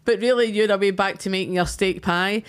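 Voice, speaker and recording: A woman's voice: mid-range voice, steady tone, smooth. A woman with a Scottish accent co-hosting a podcast, teasing and chiming in casually. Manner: teasing, quick interjections. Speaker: podcast co-host. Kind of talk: casual chat.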